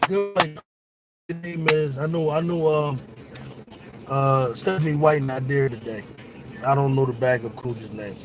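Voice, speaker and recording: Excitable man calling a game live. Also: a little high, measured pace, over loud music. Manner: excitable, profane, talks straight to viewers. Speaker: sports show host. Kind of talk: casual live watch-along commentary.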